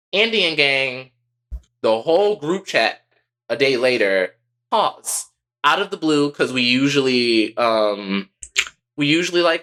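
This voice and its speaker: A young man co-hosting a podcast, telling a personal story in a candid, profane, animated way. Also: fairly high pitch. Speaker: podcast co-host.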